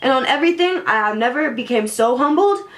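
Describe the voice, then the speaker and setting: High-voiced young woman telling a story. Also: a little fast. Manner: animated, swearing, lots of filler "like". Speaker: beauty vlogger. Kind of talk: casual storytime chat.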